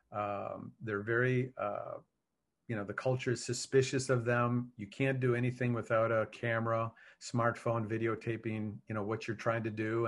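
Earnest, measured police officer guest. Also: male voice, mid-range voice. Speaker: law enforcement officer, guest. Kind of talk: interview answers.

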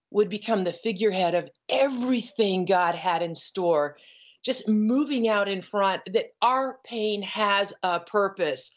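A middle-aged woman giving an earnest, emotional personal testimony as a guest, pausing and restarting as she tells her story. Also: on the low side. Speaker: guest, ranch founder. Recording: dull lo-fi audio.

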